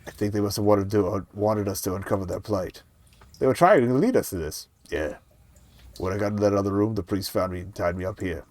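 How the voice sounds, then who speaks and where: A man's voice: a little fast, a little mellow. A man streaming a point-and-click game, reading its dialogue aloud in a casual, murmured way and swearing now and then. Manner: casual, swears, reads lines in a low murmur.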